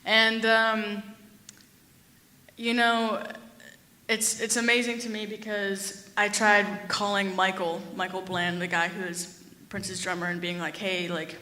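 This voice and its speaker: A young woman tells a true story at a live event, chatty and animated, with plenty of fillers and acted-out quotes. Her voice is bright and forward. The sound carries a long reverb from the hall. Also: medium pitch, takes it slowly.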